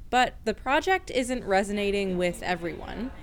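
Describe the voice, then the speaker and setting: A woman reporter delivering a scripted radio news feature in a measured way. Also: mid-range voice, lively intonation.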